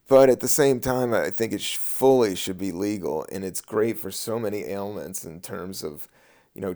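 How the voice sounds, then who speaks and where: A man hosting his own podcast as a comedian, talking in a loose, meandering way with casual swearing, a little high. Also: vocal fry, darkish tone. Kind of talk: casual rambling podcast monologue.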